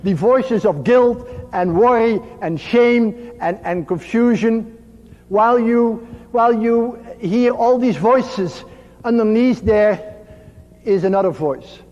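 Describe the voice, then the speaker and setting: A man preaching a sermon slowly and gently, his voice dropping to a soft hush on tender phrases. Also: high voice. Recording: dull lo-fi recording in a reverberant hall.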